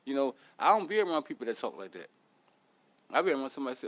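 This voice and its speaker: A man's voice: mid-range voice, sing-song, quick pace, long pauses, fairly bright tone. Blunt, cursing podcast host man. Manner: blunt, profane, motivational. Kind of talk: casual podcast monologue.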